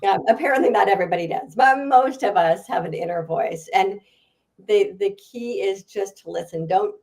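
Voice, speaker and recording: Speaking at a moderate pace with a medium-pitched voice, this guest author and speaker chats animatedly through a podcast interview. She laughs frequently as she answers.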